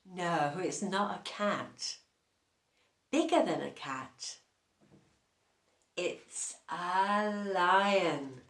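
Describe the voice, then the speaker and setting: A woman telling a children's story, slow and lively, asking the listeners questions. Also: fairly low pitch. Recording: roomy echo.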